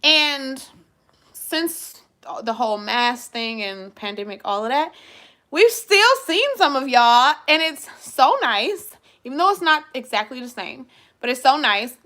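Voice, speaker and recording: Bright, expressive young woman vlogger. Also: high-pitched, unhurried. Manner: expressive and loud; giggly, laughs often. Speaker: vlog host. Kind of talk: live casual chat with viewers.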